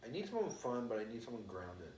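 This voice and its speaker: A podcast co-host in casual chat, lively and playful, swearing freely. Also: medium pitch, fast, a little hiss or hum. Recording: roomy, slightly distant mic.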